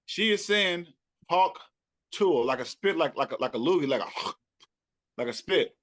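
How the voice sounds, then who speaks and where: A man with a Southern US accent, a rapper talking loosely and repeating himself in a relaxed interview chat. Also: fairly high pitch, normal speed. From Texas. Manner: loose, repetitive, laughing often. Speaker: rapper and podcaster guest. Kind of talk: casual chat.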